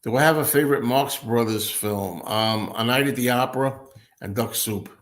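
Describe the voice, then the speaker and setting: A man hosting a relaxed livestream, reading out and answering viewer comments. His voice sits at a middle pitch for a man, and he talks in a loose, unscripted way. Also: moderate pace. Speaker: livestream host. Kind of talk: casual livestream chat.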